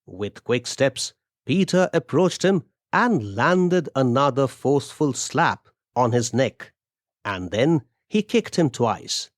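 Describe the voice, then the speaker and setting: A man narrating a storytelling podcast in a measured, deliberate way. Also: medium pitch, animated, no echo, clean studio sound.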